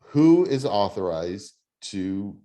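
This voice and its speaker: A middle-aged man teaching a real estate class in a casual, halting way, with many fillers and restarts. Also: on the low side, big pitch swings, dark tone. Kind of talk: casual teaching over video call.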